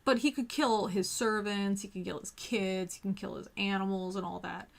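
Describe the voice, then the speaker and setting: A woman's voice: mid-range voice, steady tone, moderate pace, vocal fry. A woman hosting a casual talk, rambling with many restarts and fillers. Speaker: host. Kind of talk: casual chat.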